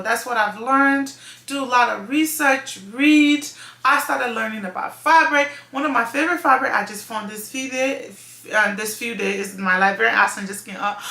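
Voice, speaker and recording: Effusive high-voiced woman vlogger. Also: pushed and bright, reverberant. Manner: earnest, effusive, restarts and self-corrections. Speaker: clothing brand owner and channel host. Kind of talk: casual vlog advice.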